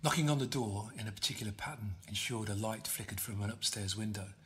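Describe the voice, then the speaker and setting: Low-voiced bright male storyteller. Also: fast. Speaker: author reading his novel. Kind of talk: audiobook narration.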